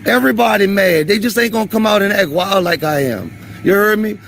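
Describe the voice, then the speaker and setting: A man confronting police on a street, angry and profane, repeating himself and shouting at times. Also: high-pitched, fairly quick, creaky, slight background noise.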